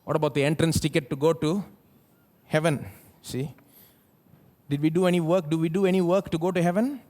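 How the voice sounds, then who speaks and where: At a live church service, a male pastor with an Indian English accent preaches a sermon, asking rhetorical questions and varying between loud and soft. His voice is fairly high and steady in tone, his pace fairly quick.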